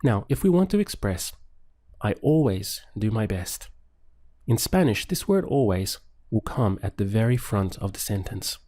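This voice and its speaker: Calm man teaching a language lesson. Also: on the low side. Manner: slow, deliberate, clearly spaced phrases. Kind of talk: scripted video lesson.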